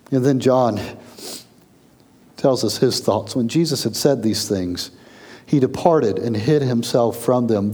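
A man preaching a sermon, reading scripture aloud and swinging between raised, urgent passages and low, quiet ones. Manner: reads scripture aloud, rising in intensity then dropping low. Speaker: pastor.

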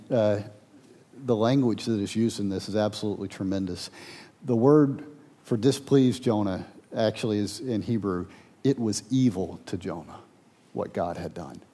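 A man preaching a sermon to his congregation, with dramatic swings in volume and loud, raised passages. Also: mid-range voice. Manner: preaching with dramatic swings, loud when voicing the angry prophet. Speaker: pastor.

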